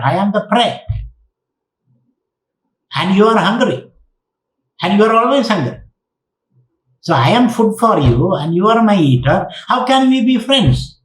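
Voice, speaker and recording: A man's voice: sits high, big pitch swings, measured pace, long pauses, a bit bright, exaggerated voice. A man voicing a small, wise, cautious mouse who explains why they cannot be friends. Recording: roomy echo.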